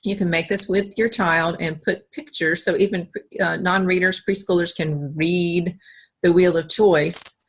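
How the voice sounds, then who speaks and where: A woman giving a calm, explanatory parenting lesson, now and then acting out short phrases a parent or child might say. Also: lowish voice, a little slow, husky. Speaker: parenting educator. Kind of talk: instructional talk to camera.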